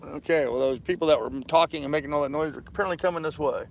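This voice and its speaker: A tired sailing vlogger in his fifties, yawning, chats on a live stream from his anchored boat, rambling easily and answering viewers' comments. His voice runs on the high side and comes out rapid-fire, with a little hiss or hum in the audio.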